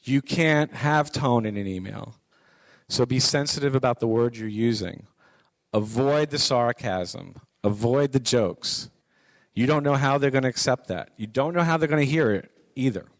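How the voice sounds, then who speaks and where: A man's voice: medium pitch, moderate pace, no echo. A middle-aged man giving a conversational lecture to college students, repeating his points for emphasis. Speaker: guest speaker on business writing.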